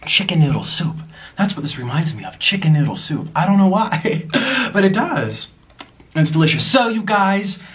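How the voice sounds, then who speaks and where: Bubbly young man, lively sing-song voice. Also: a little high. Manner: bubbly, gushing, talks to his pets in baby talk. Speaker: vlogger. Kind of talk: casual mukbang chat.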